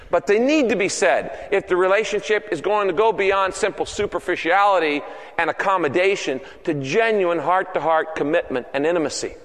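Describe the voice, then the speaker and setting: A man's voice: sits high, a bit bright, in a large hall. A male pastor preaching a sermon in an earnest, repetitive cadence.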